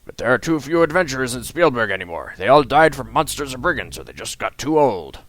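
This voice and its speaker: A man's voice: medium pitch, sing-song, fast, fairly bright tone. A man doing a chatty old guildmaster. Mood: friendly. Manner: chatty, reminiscing, friendly. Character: genial old male guildmaster, retired adventurer.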